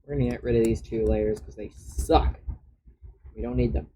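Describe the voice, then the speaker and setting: A man's voice: mid-range voice, fairly even intonation, moderate pace, warm tone, slightly rough, poor audio. A man chatting on a live stream as he draws, often muttering his steps to himself as he works. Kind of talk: casual live-stream chat while drawing.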